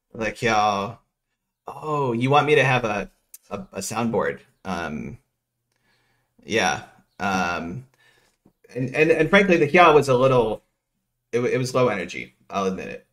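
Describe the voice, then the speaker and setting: A man's voice: fairly low pitch, expressive, normal speed, a bit bright. A middle-aged man from New Jersey giving a casual economics lecture, working through equations aloud with rambling asides and frequent self-interruptions.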